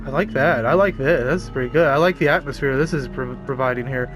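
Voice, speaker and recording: A man's voice: mid-range voice, fast, a bit bright, faint music behind. A man streaming a game, reading the story text aloud and breaking off for crude, jokey remarks and laughter. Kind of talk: reading a visual novel aloud with commentary.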